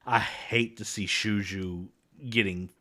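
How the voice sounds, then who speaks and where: A man's voice: on the low side, steady tone, takes it slowly, pushed and bright. A man hosting a podcast, chatting casually and joking with plenty of swearing. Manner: laid-back, jokey and profane. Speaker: podcast host. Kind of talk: casual chat.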